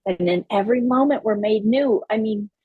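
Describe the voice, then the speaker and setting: A woman's voice: mid-range voice, moderate pace, breathy edge, no echo, phone-quality sound. A woman co-hosting a spiritual talk show, speaking in an earnest, reflective way. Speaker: co-host. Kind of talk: spiritual casual chat.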